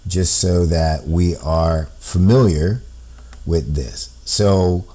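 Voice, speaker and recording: A very slow, low-pitched male voice with a dark tone belongs to an amateur code-breaker. He breaks down a code shown on screen step by step, voicing his thoughts and frequently adding "right?" to check in.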